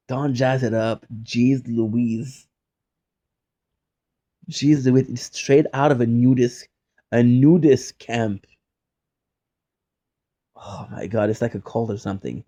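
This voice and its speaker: Playful teasing young man, mellow voice. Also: medium pitch, takes it slowly, long pauses, highs cut off. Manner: playful and teasing, bursts into mock outrage and repeated phrases. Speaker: live streamer chatting with viewers. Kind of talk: casual chat.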